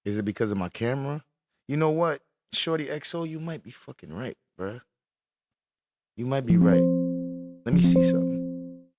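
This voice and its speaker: A man's voice: mid-range voice, lively intonation, normal speed, long pauses, mellow, soft background music. A man live-streaming casual chat from his computer, swearing in frustration and greeting viewers as he works.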